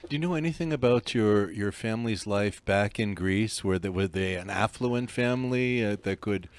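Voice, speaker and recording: A man's voice: fairly low pitch, normal speed, clear, resonant tone, dry recording. A man hosting a live radio interview, asking questions and giving short acknowledgements. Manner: inquisitive, short backchannels. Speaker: radio host.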